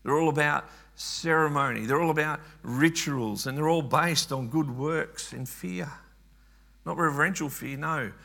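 A man's voice: fairly high pitch, unhurried, creaky, bright, forceful tone. A man preaching a sermon earnestly, often repeating words and restarting phrases.

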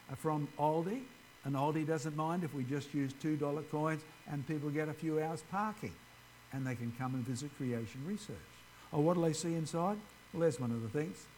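A man's voice: fairly high pitch, a little mellow, a little hiss or hum, poor audio. A man giving an informal ministry presentation, chatting directly with his audience. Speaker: creationist ministry speaker.

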